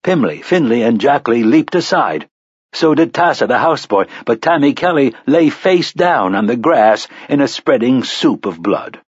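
A man's voice: mid-range voice, expressive, moderate pace, husky, dry recording, lo-fi sound. A man narrating an audiobook with dramatic storytelling and varied emphasis. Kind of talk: scripted narration.

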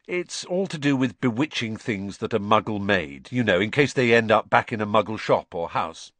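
A man's voice: on the low side, animated, normal speed, fairly bright tone, dry recording. A man voicing a chatty teenage wizard in an audiobook. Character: gangly teenage boy wizard, chatty youngest son.

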